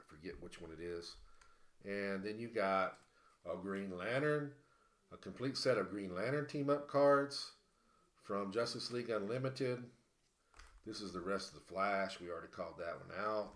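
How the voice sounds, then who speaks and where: Man, lowish voice, live-stream host, rambling delivery, lots of ums, roomy echo. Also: a bit bright. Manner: rambling, many fillers and restarts. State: out of breath. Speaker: livestream host. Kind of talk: casual live-stream card rundown.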